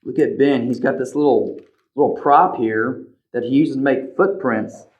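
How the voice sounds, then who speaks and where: A man reading a picture book aloud to children as a librarian, animated, pointing out the pictures and asking questions. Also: medium pitch, normal speed. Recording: slightly dull lo-fi recording.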